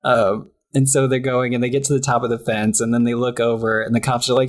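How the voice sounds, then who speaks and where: A woman's voice: extremely low pitch, flat delivery, brisk, few pauses. A woman co-hosting a casual podcast, chatting through a cartoon episode and acting out the characters' lines with giggles. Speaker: podcast co-host. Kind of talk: casual chat recapping a cartoon.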